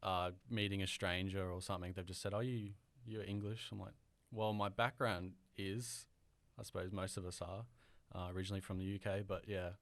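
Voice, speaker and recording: Young Australian male guest, smooth resonant voice, hesitant casual talker. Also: low voice, level tone, fairly quick, hardly any pauses, fairly bright tone, no echo. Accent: mild Australian. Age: young adult. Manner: hesitant, filler-heavy, rambling. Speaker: guest audio engineer. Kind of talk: casual podcast interview.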